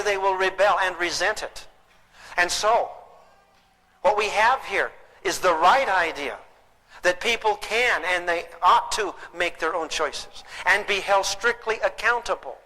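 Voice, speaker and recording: A middle-aged man giving a live parenting seminar, telling stories with humor to an audience. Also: high voice. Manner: humorous, animated storytelling to an audience. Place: seminar hall. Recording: reverberant hall.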